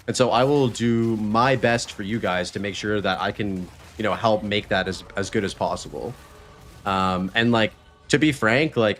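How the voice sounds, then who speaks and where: A man's voice: lowish voice, a little hiss or hum. A man hosting a live stream, chatting loosely and swearing freely while he plays a game and talks about his podcast. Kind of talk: casual live-stream chat while gaming.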